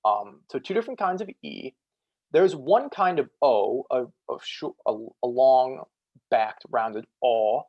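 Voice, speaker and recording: Gravelly young man giving an online lecture. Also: mid-range voice, sing-song, dry recording, highs cut off. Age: young adult. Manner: casual, with many fillers, slowing down to demonstrate sounds. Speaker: student presenter. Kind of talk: online lecture on ancient Greek pronunciation. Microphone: video call.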